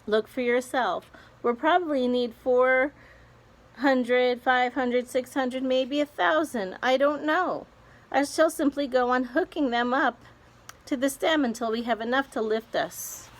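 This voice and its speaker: James, a woman doing a calm, earnest boy. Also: high voice, measured pace, voice pushed up. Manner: calm, firm explaining.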